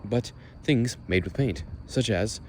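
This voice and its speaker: A man's voice: medium pitch, takes it slowly, darkish tone. A young American man chatting casually while walking outdoors, rambling and sarcastic, explaining things as he goes. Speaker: vlogger. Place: outdoors walking near a road. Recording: faint outdoor and traffic noise.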